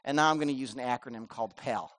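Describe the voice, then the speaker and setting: A middle-aged male pastor preaching a sermon in a church, animated, moving between loud emphasis and soft asides. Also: medium pitch, fast talker.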